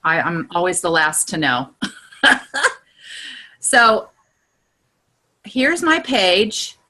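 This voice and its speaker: A woman giving a casual online training session over a video call, chatty and exclamatory, her voice climbing high whenever she gets excited. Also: extremely slow. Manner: chatty and exclamatory, with many "look" and "you know". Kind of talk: casual instructional talk.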